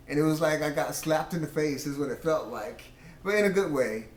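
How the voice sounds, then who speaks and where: A man with a slightly high voice tells a faith story about his marriage in an earnest, storytelling way. He quotes himself and his wife as he goes. The room is echoey, with a faint hum of ambience behind him. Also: moderate pace. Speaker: husband sharing testimony. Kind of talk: casual Christian testimony.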